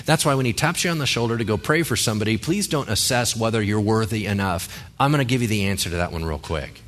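Bright-voiced man preaching conversationally. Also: lowish voice, expressive, quick pace. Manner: conversational, joking asides, rhetorical questions. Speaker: pastor. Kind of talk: sermon.

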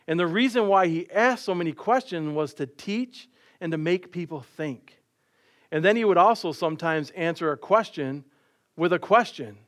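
A man's voice: fairly high pitch, a bit bright. A middle-aged man preaching a sermon, telling stories with light laughs and playful quoted voices.

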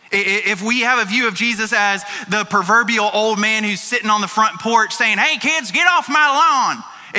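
A pastor delivers a sermon in a relaxed, chatty way, with playful asides. His voice sits high and rings very bright. The sound carries the long reverb of a large church hall. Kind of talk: conversational sermon.

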